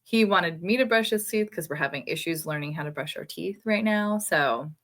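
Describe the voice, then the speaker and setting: A woman in her thirties co-hosting a casual podcast, with a bright, crisp voice. She tells her stories in an animated way and laughs easily as she goes. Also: lowish voice, normal speed. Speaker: podcast co-host.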